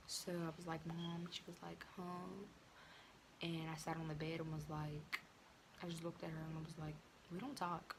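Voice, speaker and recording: A woman's voice: deep voice, level tone, fairly quick. Chatty teen girl, noisy recording. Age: teens. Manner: chatty, lots of fillers and slang. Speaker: vlogger. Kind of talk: casual storytime.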